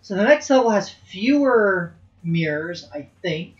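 A man's voice: high voice, expressive, a little slow, muffled recording. Chatty man playing a video game. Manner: chatty, thinking aloud and swearing at the game. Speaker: let's play host. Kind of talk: casual gameplay commentary.

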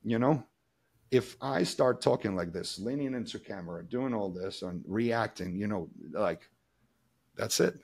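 A man's voice: fairly low pitch, expressive, a little slow, vocal fry, a little mellow, breathy edge. A man speaking as a guest expert in a podcast interview, explaining at length in loose, emphatic run-on sentences with frequent restarts. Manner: emphatic, acts out little examples in quoted voices. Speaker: guest expert on body language.

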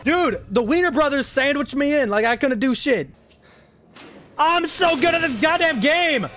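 A young man giving jokey, profane live commentary while playing a horror game, yelping and shouting when startled. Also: very high voice, expressive, measured pace, soft background music.

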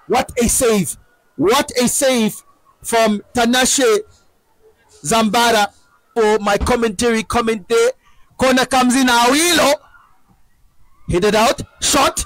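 A man giving excited live football commentary, breaking into shouts at chances and goals. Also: extremely high pitch, slow pace, pauses often, a little hiss or hum, low-quality recording.

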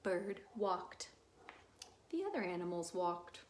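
Slow, expressive woman reading to kids. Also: on the low side, slight background noise. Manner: slow, expressive, gentle asides. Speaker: children's music teacher reading a story. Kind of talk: children's story time reading.

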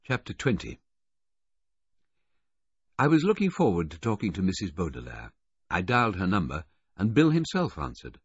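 Deep, husky male audiobook narrator. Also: huge pitch swings, moderate pace, long pauses, no room sound, highs cut off. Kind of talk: scripted first-person narration.

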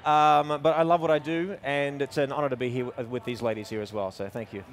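A man's voice: medium pitch, steady tone, a little fast. A man with an Australian accent, a photographer speaking on a stage panel, upbeat and joking. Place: event stage before a crowd.

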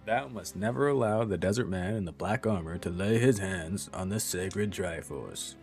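A man voicing an ancient, dying guardian tree, reading the game dialogue in a slow, grave old-man manner. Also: low-pitched, a little mellow, faint music behind, pitched below the performer's own voice. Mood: solemn.

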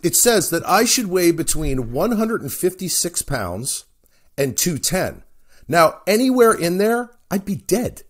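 A man co-hosting a casual comedy podcast, his voice a touch high and swinging up and down as he tells stories. He swears freely and jokes around in a loose, animated way. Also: moderate pace. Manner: animated, profane, playful storytelling. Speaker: podcast co-host.

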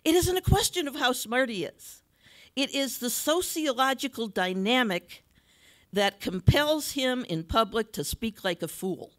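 A woman's voice: high voice, animated, a little slow, fairly bright tone. A woman moderating a panel forum, speaking in a conversational, thoughtful way. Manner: conversational, thoughtful, with light laughter. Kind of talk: panel discussion remarks.

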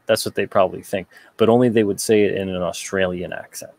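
A man's voice: deep voice, fairly even intonation, fast, darkish tone. A man from the United States hosting a casual livestream, reading out viewer comments and answering them with rambling, joking asides.

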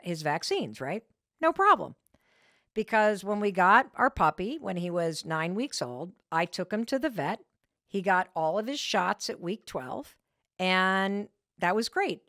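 A woman in her fifties hosting a podcast, telling a personal story in an emphatic, self-deprecating way with quick bursts of speech. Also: on the low side, fairly bright tone, dry recording, studio quality. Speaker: podcast host.

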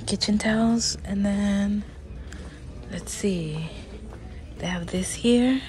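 Woman whispering in a store vlog. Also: medium pitch. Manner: chatty, often drops to a whisper, excited gasps. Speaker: vlogger. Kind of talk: casual shopping vlog. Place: inside a large department store.

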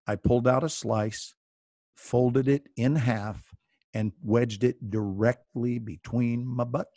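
A man's voice: mid-range voice, a little mellow, no echo. A middle-aged man, an actor, telling a playful, theatrical story as a guest on a video call.

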